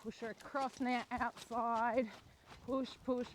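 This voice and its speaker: A young woman riding and training a horse outdoors, explaining each step calmly and softly praising the horse. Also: on the high side, slow, a little hiss or hum. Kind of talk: narrated riding lesson while training a horse. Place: outdoor rural riding arena.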